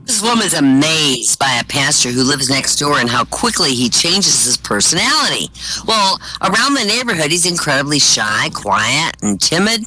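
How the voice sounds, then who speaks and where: Man telling lively deadpan jokes. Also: on the high side, poor audio. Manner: deadpan one-liners with quoted punchlines. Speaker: stand-up comic. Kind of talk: stand-up joke telling. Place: virtual-world comedy venue, voice chat.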